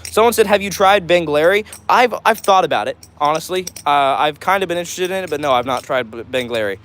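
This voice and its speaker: A male livestream host chats casually with his viewers, answering their comments one after another. His voice sits a bit high for a man, and he talks in an upbeat, rambling way. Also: lively intonation, fast talker, a bit bright. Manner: chatty and upbeat, many fillers like "all right".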